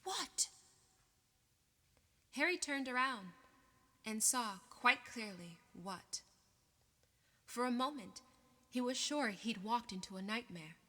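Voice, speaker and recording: A woman reading an audiobook aloud in a measured, expressive way. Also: fairly high pitch. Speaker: audiobook reader. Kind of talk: audiobook narration. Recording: long reverb.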